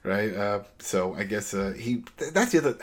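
A man's voice: lowish voice, moderate pace. A man in casual chat, animatedly recapping a show episode and acting out the characters' lines. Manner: animated retelling, acts out quotes.

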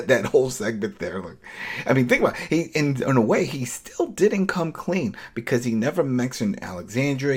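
A man hosting a casual TV recap podcast, acting out the characters' lines in big voices. His voice sits a little low, and he jumps up into the quotes he performs. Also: husky. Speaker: podcast host.

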